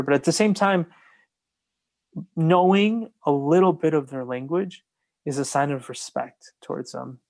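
An earnest, agreeable man hosting a casual conversation. He often repeats words as he works out what he wants to say. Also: mid-range voice.

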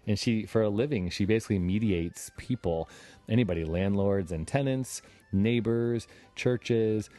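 A man's voice: on the low side, moderate pace, dark tone. A middle-aged man hosting a podcast, chatting casually and laughing often. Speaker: podcast host.

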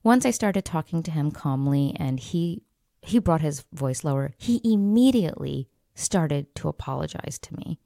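A woman hosting a podcast, telling a story from work and giving calm advice, at times dropping her voice almost to a whisper. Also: sits low, creaky, no echo, studio quality. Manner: calm, measured, drops to a near whisper for quoted lines. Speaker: podcast host.

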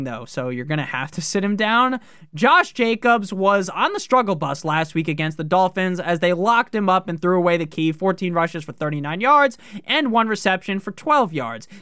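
A man's voice: sits high, fairly bright tone, clear, resonant tone, no room sound, clean studio sound. A man hosting a fantasy football podcast, joking and swearing through casual commentary. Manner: profane, joking, fast-talking.

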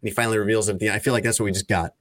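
A man's voice: fairly low pitch, steady tone, rapid-fire, a bit bright. A man hosting a casual talk show, running through news items and teasing his co-hosts. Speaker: host.

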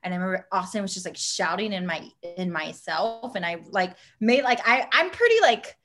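Animated woman telling stories. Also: moderate pace. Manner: animated storyteller, acts out quotes with big pitch jumps; spontaneous, laughs often. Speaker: podcast co-host. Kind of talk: casual chat.

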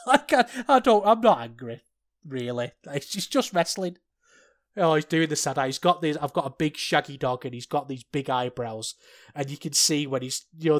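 Guy doing a solo podcast rant, gets fired up then goes all sheepish. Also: a little high. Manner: animated, ranting, quick to get worked up then sheepish. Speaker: podcast host.

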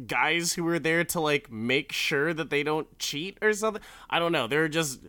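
Man for a casual film recap: slow, rambling, bright and clear. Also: medium pitch, no room sound. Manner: rambling, profane, full of restarts.

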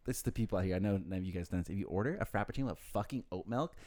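A man's voice: deep voice, warm tone. A young man, a barista, chatting casually on a podcast, ranting with a lot of swearing and acting out his customers. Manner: fast, profane ranting, acts out customers. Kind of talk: casual chat.

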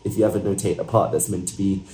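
This is a low, mellow-voiced man co-hosting an interview. He asks his question in a thoughtful, measured way. His voice sounds roomy and echoey. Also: flat delivery.

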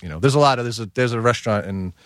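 A man's voice: medium pitch, rapid-fire, fairly bright tone, no room sound, clean studio sound. A man, a guest chef, talking in a casual podcast conversation, rambling with many fillers.

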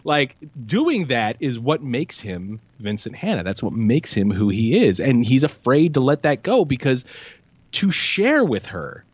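A man guesting on a podcast, talking through a film scene in casual, animated chat and slipping into impressions of lines. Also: mid-range voice, unhurried, slightly rough, lo-fi sound.

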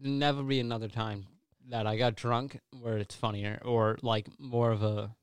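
A young man just a few years out of high school, a guest in a casual podcast chat, laughing and swearing freely. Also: fairly even intonation, normal speed, clean tone, no room sound, studio quality. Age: young adult. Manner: laid-back, laughing, heavy swearing.

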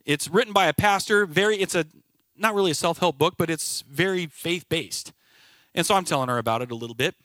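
A man's voice: fairly high pitch, a little fast, pushed and bright, no echo. Earnest man telling a personal story. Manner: storytelling, quoting others in conversation. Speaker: team leader at a brokerage. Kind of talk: personal testimony talk.

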